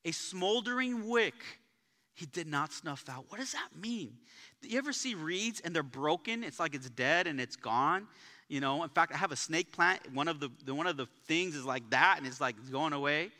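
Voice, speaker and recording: A man with a high, very bright voice preaches a sermon in an energetic, conversational way, mixing jokes and personal stories. His voice rings out through a large church sanctuary, and the room's long reverb trails after every phrase. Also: moderate pace. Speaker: pastor.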